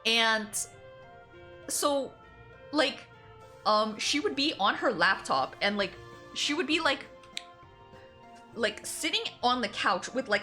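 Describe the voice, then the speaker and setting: A woman's voice: on the high side, bright, forceful tone. A young woman streamer telling a long story in casual chat, rambling with many fillers and frequent laughs. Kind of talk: casual storytelling while drawing.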